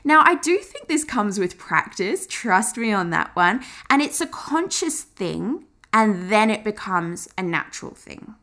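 A woman teaching on camera as a marketing coach, chatty and encouraging, showing how fast, slow, high and low delivery sounds. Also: very animated, pushed and bright.

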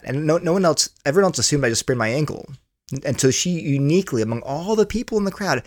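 A man's voice: mid-range voice, lively intonation, quick pace, dry recording, clean studio sound. A man answering interview questions about his book, earnest and explanatory, often repeating words as he thinks. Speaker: author and guest.

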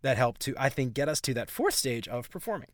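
A man's voice: mid-range voice, very animated, fairly quick, dry recording. Laid-back New Orleans man, dry sound. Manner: rambling, laughs often, self-correcting. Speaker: podcast co-host. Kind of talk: casual chat.

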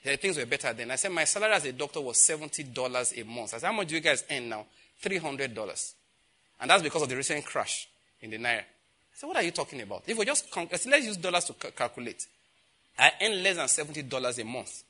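A man in his fifties with a Nigerian accent, a pastor preaching and telling personal stories, growing loud and emphatic when he acts out conversations. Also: mid-range voice, fast. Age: 50s. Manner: animated storytelling, grows loud and emphatic when acting out dialogue.

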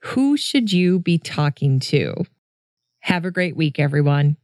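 A woman hosting a podcast, cheerful and quick to laugh at her own slips. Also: on the low side, very animated. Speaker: podcast host. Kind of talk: podcast outro and blooper reel.

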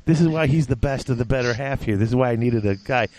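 A man's voice: medium pitch, quick pace, darkish tone, a little hiss or hum. A man hosting a hobby gaming podcast, joking and teasing his co-host in casual chat.

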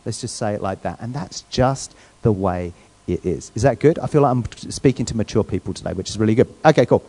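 A man's voice: on the low side, brisk, warm tone. Chatty male preacher. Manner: conversational, asks the crowd questions, restarts often. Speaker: guest preacher. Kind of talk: sermon. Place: church.

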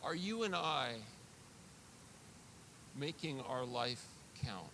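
A man's voice: mid-range voice, animated, takes it slowly, pushed and bright, slight background noise. A man preaching a sermon as pastor, earnest and confessional, often repeating words as he builds a point.

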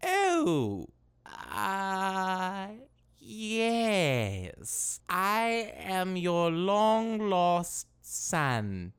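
A man's voice: medium pitch, very animated, slow. An actor playing a scheming young man who leads a skeleton revolt, talking sarcastically and breaking into staccato laughs. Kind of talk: comedy voice acting.

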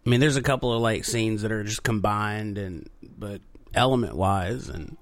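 A man on a casual movie review podcast, speaking in a measured way and searching for his words. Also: on the low side, no echo. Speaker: podcast co-host.

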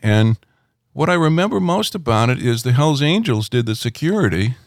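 A middle-aged man, a rock critic, telling anecdotes in a relaxed interview at home, rambling with many fillers. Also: medium pitch, normal speed, no echo, clean studio sound.

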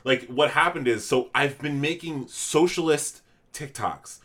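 A man's voice: fairly high pitch, measured pace, a bit bright. A man hosting a casual podcast, telling a long rant with laughter and swearing. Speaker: podcast host.

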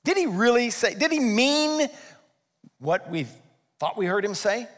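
A slippery, wheedling serpent, put on by a preacher, fishes for trust with soft flattery. The voice sits high and hangs in a long hall echo. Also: male voice, unhurried, exaggerated voice. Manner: coaxing, falsely curious and flattering. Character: sly wheedling male serpent tempter.

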